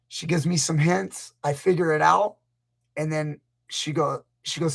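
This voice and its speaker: A man's voice: a little high, steady tone, measured pace, creaky. A man, a grappling coach hosting a casual live stream, rambling through stories and acting out what people said. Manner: rambling, storytelling, acts out quotes. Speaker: grappling coach, channel host.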